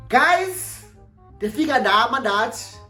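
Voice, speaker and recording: A young South African woman telling a storytime vlog, animated and exclamatory, switching freely between languages. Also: a little high, slow, soft background music. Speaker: YouTuber.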